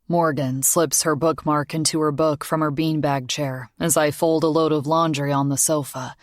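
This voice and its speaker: A woman narrating a romance audiobook in a measured, intimate first-person reading. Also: low voice, steady tone, dry recording, studio quality. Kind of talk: scripted narration.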